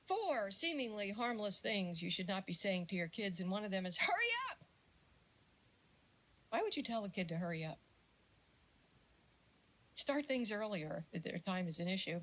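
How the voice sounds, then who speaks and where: A woman's voice: medium pitch, rough recording. A woman giving a casual mini lecture, telling stories and acting out the voices she quotes. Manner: storytelling, acts out quoted voices.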